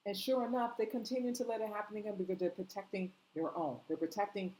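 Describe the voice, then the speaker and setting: A woman's voice: medium pitch, fairly even intonation, fast, warm tone, low-quality recording. A woman delivering an impassioned opinion monologue, indignant and full of rhetorical questions, in a casual spoken manner with fillers. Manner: conversational, with fillers and slang. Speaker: commentator.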